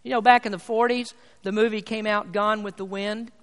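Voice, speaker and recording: A man preaching a sermon in a church, emphatic, swinging between loud and quiet. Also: sits high, fairly even intonation, brisk, clear, resonant tone. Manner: emphatic, rises and falls in volume. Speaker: pastor. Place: church sanctuary. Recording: long hall reverb.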